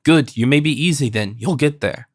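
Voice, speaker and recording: A man's voice: mid-range voice, moderate pace, dry recording, studio quality, lightly acted. A man voicing a polished, jeering nobleman swordsman in an audiobook.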